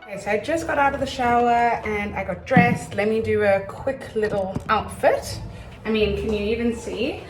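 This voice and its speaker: A woman's voice: fairly high pitch, moderate pace, reverberant, over music, rough recording. Chatty young woman vlogging at home. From South Africa. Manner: chatty, rambling, animated storytelling. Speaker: vlogger and actor. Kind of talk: casual vlog chat. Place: room at home.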